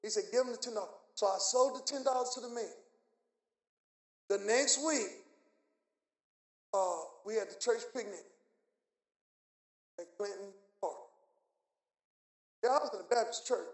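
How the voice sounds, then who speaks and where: A man preaching a sermon as a personal testimony, telling the story with animated delivery and acting out the voices in it. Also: sits high, measured pace, pauses often. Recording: echoey room.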